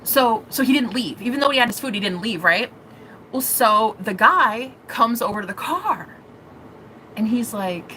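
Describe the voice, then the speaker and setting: Woman, vlog storytelling, emotional and rambling, bright tense voice, slight hiss. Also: a little high, very animated, moderate pace, low-quality recording. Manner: emotional, rambling, swears freely. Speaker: vlogger.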